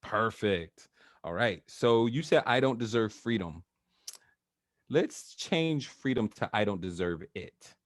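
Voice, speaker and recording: Laid-back guy coaching over a video call, lots of likes and uhs, low voice, dry sound. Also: takes it slowly, dry recording. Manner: relaxed, chatty, laughs often, uses filler words. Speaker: NLP trainer, guest. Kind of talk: casual coaching talk.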